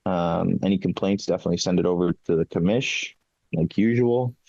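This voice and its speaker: A man hosting a casual fantasy football podcast, talking in a halting way with many fillers and restarts. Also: sits low, creaky, mellow, dry recording. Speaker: podcast host, fantasy league commissioner. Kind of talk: casual chat. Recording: dull, dry lo-fi mic.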